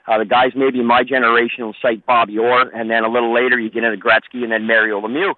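A man's voice: mid-range voice, little pitch movement, fast talker, no echo. A middle-aged man, a hockey historian, speaking as a guest on a radio call-in and rambling with many restarts. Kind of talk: phone-in radio interview. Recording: tinny phone line.

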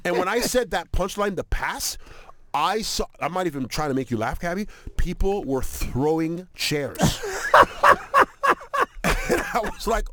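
A man, a stand-up comedian guest, telling a story in an animated way, laughing often and acting out bits of it. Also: on the high side, normal speed. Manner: laughs often, acts out bits of his own stories. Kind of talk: animated storytelling on a talk show.

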